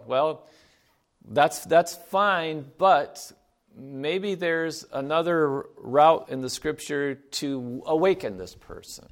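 A man's voice: on the high side, slow. A man giving a sermon in a conversational way, reading scripture aloud and asking his listeners rhetorical questions. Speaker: preacher.

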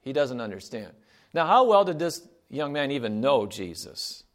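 A man's voice: mid-range voice, very animated, normal speed. A man giving a sermon in a conversational way, reading scripture aloud and asking his listeners rhetorical questions. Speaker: preacher.

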